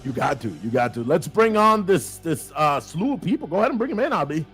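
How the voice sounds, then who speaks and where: A man hosting a casual livestream, greeting viewers with lively shout-outs and dropping in Spanish phrases. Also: fairly high pitch, fairly quick, slightly rough, soft background music. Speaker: show host.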